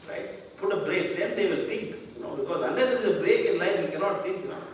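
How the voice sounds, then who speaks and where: A man's voice: high-pitched, quick pace, hardly any pauses. A man preaching a sermon in a conversational way, repeating words and acting out the people he quotes. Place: temple hall. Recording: echoey hall from far off.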